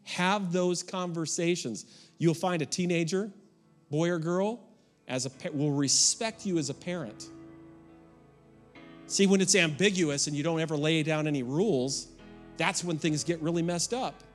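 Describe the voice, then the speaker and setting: A man's voice: fairly high pitch, measured pace, faint music behind. A middle-aged man preaching a sermon, in a folksy, emphatic way. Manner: folksy and emphatic, with rising and falling intensity. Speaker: pastor.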